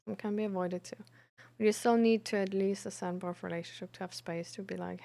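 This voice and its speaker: A woman streamer and peer support coach, chatting frankly and reflectively with her audience, pausing often with fillers. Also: medium pitch, fairly even intonation, gravelly, mellow. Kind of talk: casual live-stream chat about mental health.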